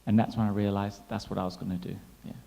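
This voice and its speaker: A man in his thirties doing a stand-up comedy set, chatty and animated, teasing the crowd. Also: fairly low pitch, fast, creaky, a little hiss or hum. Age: 30s. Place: large hall at a gala dinner. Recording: long hall reverb.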